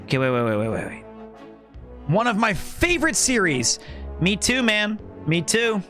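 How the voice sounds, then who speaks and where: Man, high voice, bright tone, casual gaming stream chat, rambling talk to viewers. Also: big pitch swings, moderate pace, faint music behind. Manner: chatty, rambling, talks to chat.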